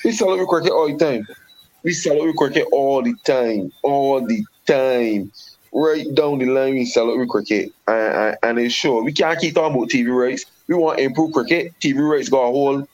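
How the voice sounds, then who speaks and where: A Caribbean man with a West Indian accent, a regular panelist, argues heatedly about cricket in a repetitive, emphatic way during a sports debate. His voice is medium-pitched and a little fast. The sound is dull and lo-fi.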